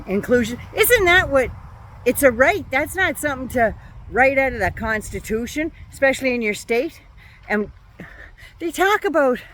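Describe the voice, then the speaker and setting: A woman's voice: a little high, a bit bright. An older woman vlogging a political rant, angry and sarcastic, swearing freely.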